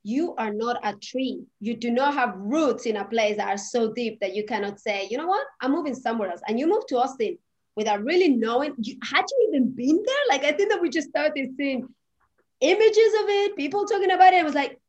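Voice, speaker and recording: A woman's voice: on the high side, lively intonation, a little fast, darkish tone. A woman co-hosting a casual chat, encouraging and emphatic as she turns stories into lessons for the listeners. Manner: encouraging, speaks to listeners as "people"; emphatic, motivational. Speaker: podcast co-host.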